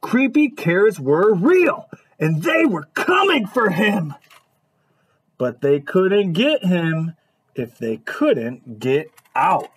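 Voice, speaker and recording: Man reading a kids' storybook, unhurried, husky, lots of hmms and questions to listeners. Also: high voice. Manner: animated, asks questions to listeners, lots of hums. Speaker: teacher reading aloud to children. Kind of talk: children's story time read-aloud.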